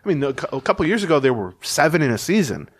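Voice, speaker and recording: A man's voice: a little high, sing-song, fast. Podcast co-host, male, Minnesota accent edging toward Chicago, wandering self-deprecating delivery. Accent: Minnesota, leaning Chicago. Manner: rambling, self-deprecating, many restarts. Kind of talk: casual sports podcast chat.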